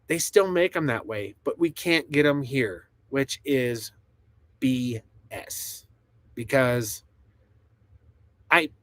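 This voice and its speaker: A man's voice: mid-range voice, a bit bright, dry recording. A man rambling and laughing through a casual live stream from inside a truck camper, reading chat comments aloud. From United States.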